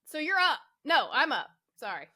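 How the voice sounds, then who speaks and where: A woman's voice: sits high, big pitch swings, moderate pace, pushed and bright. A woman co-hosting a podcast in casual chat, teasing and laughing with her partner. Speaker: podcast co-host.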